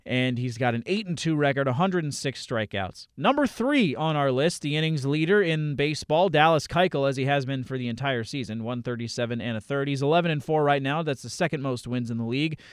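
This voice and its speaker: A man's voice: mid-range voice, fairly quick, hardly any pauses, clear, resonant tone, no echo. A man hosting a fantasy baseball show, reeling off player stats with dry little asides. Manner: rattles off numbers, dry asides. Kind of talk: stats rundown on a podcast.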